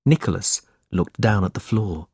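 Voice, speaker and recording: A man reading a simplified classic novel aloud as narrator, in a clear, measured way. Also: low-pitched, animated, darkish tone, no room sound, studio quality. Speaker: audiobook narrator. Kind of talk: scripted storybook narration.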